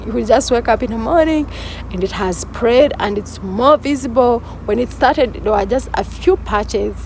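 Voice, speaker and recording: A woman's voice: on the high side, a little mellow, slight background noise. A young woman records a personal vlog, talking through tears and apologizing as she breaks down. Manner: tearful, breaking down. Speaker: vlogger.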